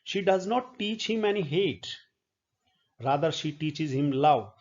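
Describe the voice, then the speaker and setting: Middle-aged man, professor giving a slow, methodical literature lecture, dull lo-fi recording. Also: fairly high pitch, animated, darkish tone. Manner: slow, deliberate explaining with fillers.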